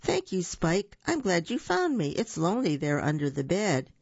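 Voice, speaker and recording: Storyteller doing a scared little monster boy, high jumpy voice, husky, dull lo-fi recording. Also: huge pitch swings, normal speed, darkish tone, no room sound, exaggerated voice. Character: timid little monster boy, easily frightened.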